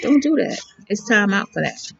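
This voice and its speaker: A woman's voice: medium pitch, very animated, normal speed, gravelly, fairly bright tone, lo-fi sound. A woman vlogger chatting outdoors by a pool, rambling in a candid, slangy way. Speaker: beauty vlogger. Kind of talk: casual chat.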